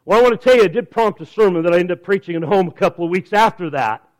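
A middle-aged man delivers a Sunday sermon in a fairly high voice. He is emphatic, stretching out key phrases slowly for weight and stacking up repeated words as he starts a new thought. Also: a little mellow, rough recording. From California. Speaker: preacher. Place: church service.

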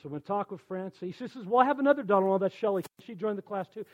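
A man in his sixties, a church elder, telling conversion stories in a folksy, animated sermon. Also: high-pitched, very fast, highs cut off. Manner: animated, folksy storytelling with quoted dialogue. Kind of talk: storytelling sermon.

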